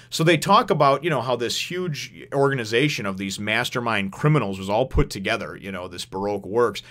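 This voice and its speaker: A man's voice: lowish voice, a bit bright. Rambling man giving a casual review. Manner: rambling, many fillers and restarts; laughs while retelling funny scenes. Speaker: manga chapter reviewer.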